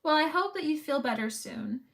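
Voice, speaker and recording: Young woman, live-stream chatter, rambling; bright, lively, swooping voice. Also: sits high, a little fast, vocal fry. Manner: chatty, rambling, reads chat messages aloud. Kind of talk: casual chat while sewing on a livestream.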